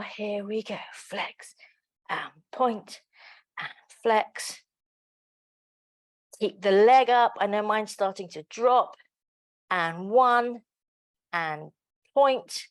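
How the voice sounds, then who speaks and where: A woman's voice: mid-range voice, extremely slow, long pauses. A woman instructor leading a pilates class. She calls out breathing and movement cues and counts reps aloud. She drops in playful, chatty asides between the cues. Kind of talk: live exercise class instruction.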